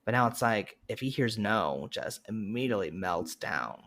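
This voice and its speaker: Man, podcast guest, lively swooping pitch, animated joking anecdotes. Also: moderate pace. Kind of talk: casual chat.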